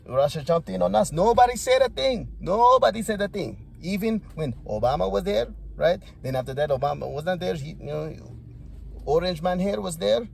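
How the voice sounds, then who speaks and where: A man's voice: high-pitched, expressive, normal speed, creaky, pitched above the performer's own voice, heavily acted. A man putting on an exasperated, pleading leader. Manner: raised, insistent, rhetorical questioning. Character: exasperated foreign male leader pleading his case.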